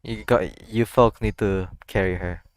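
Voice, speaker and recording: A man's voice: lowish voice, steady tone, unhurried, no room sound. A man hosting an anime reaction, talking casually to the screen and blurting out startled exclamations and swearing.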